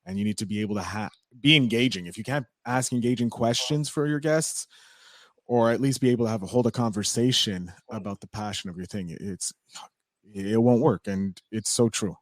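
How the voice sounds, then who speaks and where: A man of middle pitch hosts a podcast chat with an energetic, agreeable manner. He often stumbles and restarts mid-thought. His voice sounds dry and close to the mic. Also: a little fast, no room sound. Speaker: podcast host. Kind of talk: casual podcast interview.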